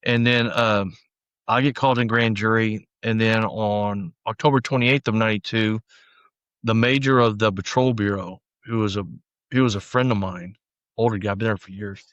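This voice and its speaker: A middle-aged man, a former deputy, recounting his past in a casual conversational interview, often quoting others and trailing off quietly. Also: lowish voice, steady tone, normal speed, dry recording, highs cut off. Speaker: podcast guest, former sheriff's deputy.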